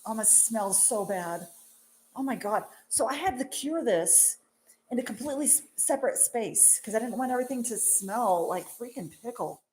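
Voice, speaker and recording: Excitable, self-mocking young woman shop host. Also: a little high, moderate pace, a little hiss or hum. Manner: excitable and self-mocking, with frequent laughs and exclamations. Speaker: marshmallow shop owner hosting a live stream. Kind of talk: casual live-stream chat while working.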